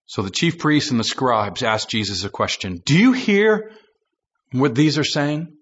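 A man's voice: medium pitch, expressive, a little slow, breathy edge, highs cut off. A man preaching a sermon, reading scripture aloud and acting out quoted voices, building to impassioned emphasis.

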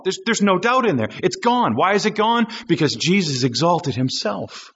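High-voiced husky male preacher. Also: big pitch swings, moderate pace, hardly any pauses, fairly bright tone, muffled recording. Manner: emphatic, repeated rhetorical questions. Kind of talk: sermon.

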